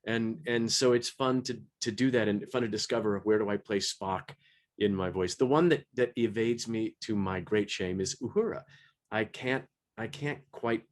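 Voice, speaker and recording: A man with a fairly low voice talks about his narration work in a panel discussion. He is lively and animated, restarting phrases and doubling words as he goes. He sounds middle-aged. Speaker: audiobook narrator.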